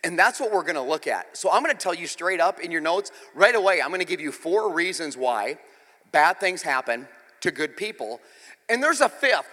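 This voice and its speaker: A man preaching a sermon and opening with a long, self-mocking personal story told in a relaxed, chatty way. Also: fairly high pitch, in a large hall. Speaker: pastor.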